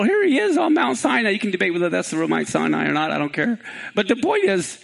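A man preaching a sermon, retelling the scripture story with animation and then dropping into a lower, conversational tone for commentary. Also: gravelly, fairly bright tone. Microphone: live-streamed.

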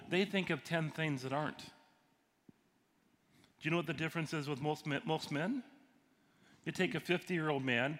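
A man's voice: on the high side, fairly bright tone. Conversational man preaching in an echoing hall. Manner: conversational, quizzes the audience. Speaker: pastor and counselor. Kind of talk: sermon teaching. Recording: long hall reverb, faint noise.

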